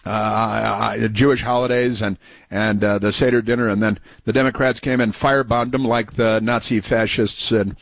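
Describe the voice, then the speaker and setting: A man hosting a talk radio show, sarcastic and mocking, talking in halting bursts with many fillers and restarts. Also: fairly low pitch, fairly even intonation, creaky, no echo. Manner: sarcastic, mocking, interjects over clips. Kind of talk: opinionated talk radio commentary.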